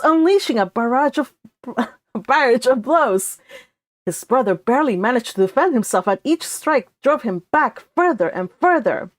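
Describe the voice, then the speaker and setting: Mulher lendo uma história em voz alta. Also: female voice, a little high, no room sound. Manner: steady storytelling with occasional slips. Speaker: fan fiction author reading aloud. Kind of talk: read-along narration.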